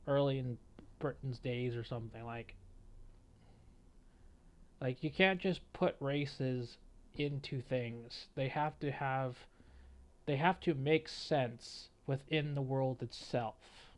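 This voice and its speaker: A man reacting to a game trailer in a smooth, clear voice. He talks slowly and rambles, stacking fillers as he builds his opinion. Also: medium pitch, steady tone. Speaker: gaming video creator. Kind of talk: reaction commentary.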